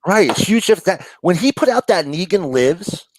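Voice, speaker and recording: Here the New York man's voice is high-pitched and sing-song, moving at a moderate pace as he chats casually about comics in his New York accent. Expect rambling, cursing, lots of laughs and fillers, with no room sound on a rough recording.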